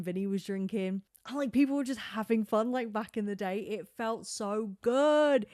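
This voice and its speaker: A woman's voice: mid-range voice, no room sound. Chatty young woman podcaster, dry close sound. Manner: chatty and animated, heavy use of filler "like", quick asides and laughs. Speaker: podcast host. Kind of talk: casual solo podcast chat about reality TV.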